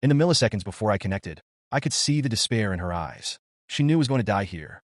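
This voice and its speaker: A man narrating a first-person horror story with a lively, expressive delivery. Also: fairly low pitch, quick pace, dry recording, clean studio sound.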